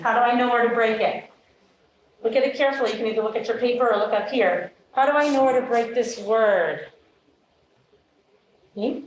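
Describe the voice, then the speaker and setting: A woman teacher leading a classroom phonics demonstration with brisk quizzing questions and quick praise. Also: on the high side, a little hiss or hum. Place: meeting room. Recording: echoey room.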